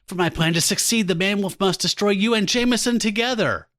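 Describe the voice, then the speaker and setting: A man voicing a frantic, scheming old male villain with a failing heart, shouting melodramatically. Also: high-pitched, fairly quick, voice pushed up.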